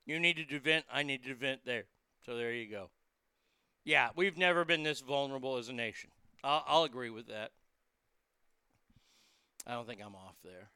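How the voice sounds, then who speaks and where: A man with a very bright, gravelly voice talks in a loose, chatty monologue, swearing freely as he rambles from one thought to the next. His tone runs fairly high, smooth and crisp, and it sits close and dry on the mic. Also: moderate pace, no echo. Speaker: host.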